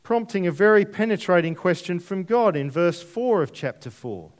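A man preaching a sermon, reading scripture aloud and explaining it with deliberate, dramatic emphasis. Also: high-pitched, expressive. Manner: slow, deliberate, dramatic drops to near whisper on key words.

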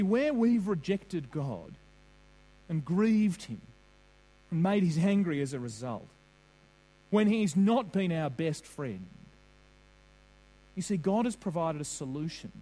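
A man's voice: fairly high pitch, animated, measured pace, pauses often, mellow, low-quality recording. A man preaching a sermon, earnest and questioning, drawing on vivid everyday examples.

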